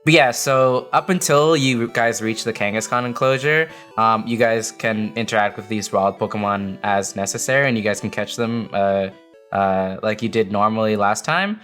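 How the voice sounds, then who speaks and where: A man's voice: lowish voice, moderate pace, a bit bright, soft background music. A man narrating as game master, explaining rules with many fillers and restarts.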